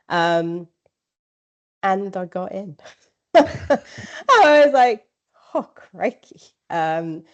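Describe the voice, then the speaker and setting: On slightly dull lo-fi audio, a woman with a low, darkish voice chats as a podcast guest. The talk is a casual interview in which she rambles with many fillers and quoted asides.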